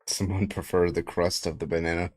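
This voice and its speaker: A man's voice: deep voice, little pitch movement, fairly quick, faint music behind. A man hosting a livestream debate, talking loosely, laughing and swearing casually.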